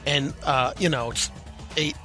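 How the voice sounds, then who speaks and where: A man's voice: medium pitch, steady tone, measured pace, pushed and bright, faint music behind. A man co-hosting a casual morning radio show, chiming in with short joking remarks. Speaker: radio co-host.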